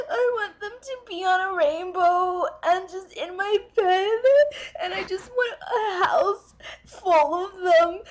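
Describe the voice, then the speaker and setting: An actress playing a nervous young woman in a dating video who keeps breaking into tears over cats, halting with many ums. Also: very high-pitched. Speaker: comic dating video character. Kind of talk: comedic video monologue.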